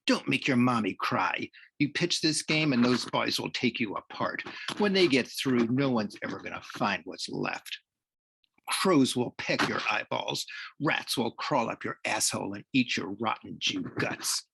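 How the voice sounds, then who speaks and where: A man's voice: medium pitch, expressive, unhurried, creaky, fairly bright tone, breathy edge, no echo, full character voice. A man voicing a hulking teenage boy bully who taunts and threatens in a raised voice. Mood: menacing taunts.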